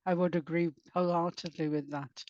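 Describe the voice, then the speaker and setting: A woman from Wales, an author and poet speaking softly in a podcast interview and reading her poems slowly. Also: fairly low pitch, fairly even intonation. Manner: soft, unhurried, lyrical reading. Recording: dull lo-fi dry sound.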